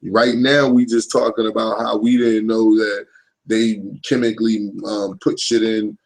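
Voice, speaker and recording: Gravelly, low-voiced man in his thirties. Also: level tone, measured pace, a little mellow, rough recording. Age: 30s. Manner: rambling, profane, keeps asking "you know what I'm saying". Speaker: livestream host. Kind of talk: casual live-stream monologue.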